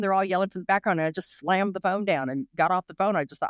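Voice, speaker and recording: Fast-talking woman recalling hard times. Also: on the low side, fairly even intonation, no echo, studio quality. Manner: rapid, emotional, full of restarts and "you know". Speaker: interview guest. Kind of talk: candid interview recollection.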